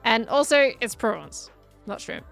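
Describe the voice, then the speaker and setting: A woman's voice: on the high side, sing-song, gravelly, a bit bright, faint music behind. A young Australian woman chatting casually on a live game stream, answering chat as she builds. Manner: chatty, reading and answering chat, quick laughs.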